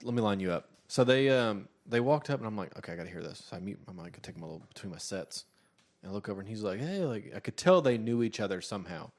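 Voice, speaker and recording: A man's voice: on the low side, expressive, quick pace. A man in his thirties co-hosting a casual comedy podcast, rambling through stories and breaking into mocking voices. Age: 30s. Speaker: podcast co-host.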